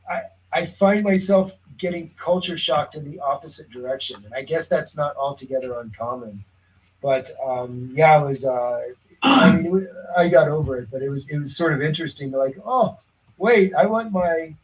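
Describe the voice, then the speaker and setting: A man's voice: a little high, low-quality recording. A man chatting casually as a guest, telling a long rambling story with many restarts and fillers. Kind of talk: casual chat. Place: lives in a suburb of Lisbon.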